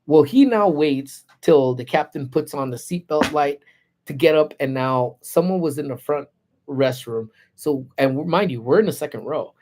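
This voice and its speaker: A man hosting a casual livestream, telling stories in an animated, laid-back way with lots of slang, from a parked car. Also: on the high side, normal speed. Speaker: livestream host. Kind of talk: casual storytelling.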